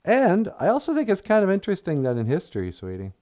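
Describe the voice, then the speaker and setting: A man's voice: high voice, huge pitch swings, fast, a little mellow. A man telling a comedic story on a puppet podcast, full of rambling, jokey asides.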